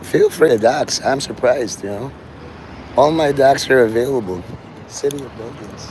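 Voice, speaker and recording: A man's voice: mid-range voice, normal speed, a little mellow, slight background noise. A man livestreaming outdoors on his phone, rambling to his chat and acting out the voices of people he quotes.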